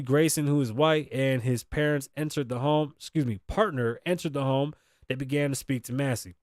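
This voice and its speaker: A man's voice: on the high side, a little mellow, clean tone, no echo, studio quality. Blunt, indignant male podcast host. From Las Vegas. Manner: blunt and indignant, swears freely, acts out quoted dialogue. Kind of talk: opinionated commentary on news.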